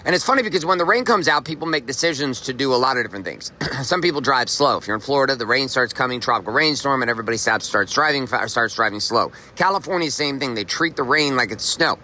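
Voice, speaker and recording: A man delivers a motivational podcast monologue with a bright, tense edge to his voice. He talks emphatically, swears casually and hammers his points home by repeating phrases. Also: mid-range voice, lively intonation, fast. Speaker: podcast host. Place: outdoors walking in the rain.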